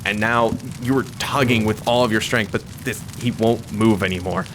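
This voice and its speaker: A man's voice: lowish voice, fairly even intonation, normal speed, background noise. A man acting as game master, narrating a tabletop game in dramatic, vivid second-person storytelling. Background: background music.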